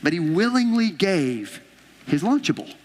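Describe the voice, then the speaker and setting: A man preaching a sermon, telling a Bible story in a lively way and acting out what the characters say. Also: high voice, a little slow, long reverb tail, slight background noise. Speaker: pastor. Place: church auditorium.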